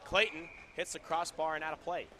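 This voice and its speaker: A man's voice: a little high, background noise. Chatty rink-side hockey commentator, man. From Southern California. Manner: casual, chatty, quick bursts of excitement. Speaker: play-by-play commentator. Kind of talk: live roller hockey commentary. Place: indoor roller hockey rink.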